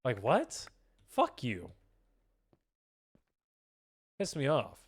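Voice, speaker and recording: A man's voice: mid-range voice, wildly swooping pitch, drawn-out words, slightly rough. A young man streaming a game, chatting casually and reading chat aloud, rambling and swearing, with keyboard typing behind him.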